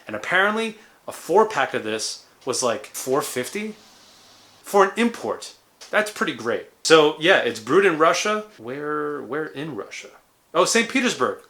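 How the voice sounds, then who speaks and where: A man's voice: medium pitch, bright, forceful tone. A man in his thirties, an actor, chatting through a casual beer review with playful, jokey asides. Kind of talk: casual food and drink review vlog.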